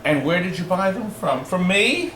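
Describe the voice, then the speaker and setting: A man's voice: sits high, sing-song, moderate pace, sharp tone, echoey room, a little hiss or hum. A man hosting a casual, joking video from his arcade game shop, teasing his guests and staff with playful outbursts. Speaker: host of a pinball shop channel. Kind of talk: casual joking chat on camera.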